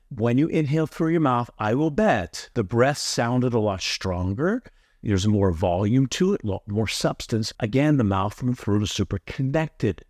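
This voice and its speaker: A man gives a yoga breathing lesson in an earnest, emphatic way, repeating his key points for weight. His voice sits at a middle pitch. The sound is dry and close, with no room echo. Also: expressive, moderate pace, a little mellow. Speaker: yoga teacher. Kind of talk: instructional tutorial.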